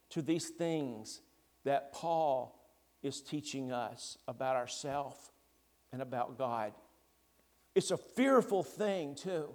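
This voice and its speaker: A man preaching a sermon, slow and deliberate with long pauses between phrases. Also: a little high, darkish tone.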